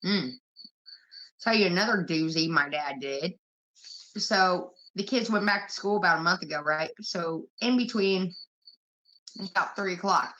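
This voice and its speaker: A woman's voice: lowish voice, unhurried, long pauses, pushed and bright. Profane, rambling woman on a lo-fi stream. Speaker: livestream host. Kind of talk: casual chat. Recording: muffled lo-fi stream audio.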